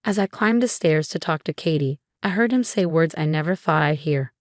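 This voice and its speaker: A woman giving calm, measured scripted first-person story narration. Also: low voice, no room sound, studio quality.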